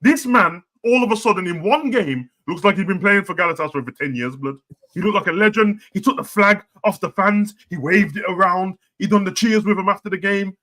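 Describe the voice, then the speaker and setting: A man talking football with a friend in slangy chat, jumping between loud outbursts and muttered asides. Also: sits high, lively intonation, fairly quick. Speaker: football podcast host.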